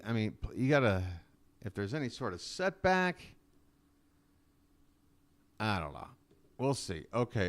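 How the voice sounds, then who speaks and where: A man hosts a fan livestream with casual live play-by-play. His voice sits low and comes through smooth and clear. He rambles chattily and talks straight to his viewers as he watches. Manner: chatty and rambling, many fillers.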